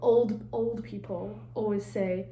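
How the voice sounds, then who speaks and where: She speaks slowly in a medium pitch with fairly even intonation and a dark tone: a young British woman, congested, vlogging from a resort hotel room. The talk is chatty and rambling, full of self-mockery and casual swearing. Echo and faint ambience surround her.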